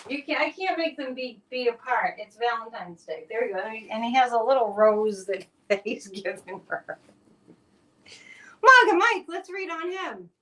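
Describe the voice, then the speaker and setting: A woman's voice: on the high side, lively intonation, normal speed. A woman hosting a live stream, giving casual political commentary in a chatty, exclamatory way with sarcastic asides. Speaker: psychic live-stream host.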